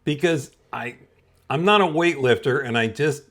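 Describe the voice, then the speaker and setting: A man's voice: medium pitch, normal speed, a bit bright. A man hosting a podcast and telling a comedic personal story, chuckling often as he goes. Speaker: podcast host.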